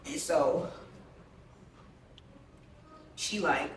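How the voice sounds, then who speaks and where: A woman's voice: a little high, lively intonation, unhurried, pauses often, noisy background. A woman being interviewed for a documentary, telling a personal story in a blunt, profane, rambling way with many fillers. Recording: very echoey room, distant mic, soft music underneath.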